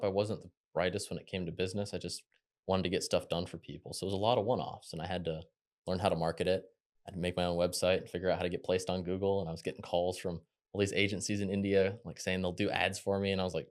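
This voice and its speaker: Fast-talking young man, very low voice. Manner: quick, chatty, animated when quoting others. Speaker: podcast guest. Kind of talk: casual interview storytelling.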